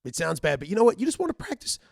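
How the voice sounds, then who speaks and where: A man playing a chipper bunker dweller and former bar bassist, talking in a folksy, rambling comedy monologue that keeps interrupting itself. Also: wildly swooping pitch, racing, vocal fry, dry recording, clean studio sound, exaggerated voice. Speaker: comedy character host.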